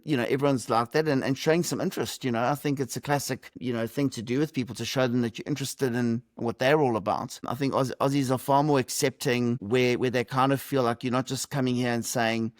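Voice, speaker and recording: Man, middle-aged, guest on a video call, thoughtful and wry, dry close sound, medium pitch. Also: steady tone, fairly quick, hardly any pauses, no room sound. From South Africa. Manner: reflective, lightly humorous, many fillers. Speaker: podcast guest. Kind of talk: conversational interview answers.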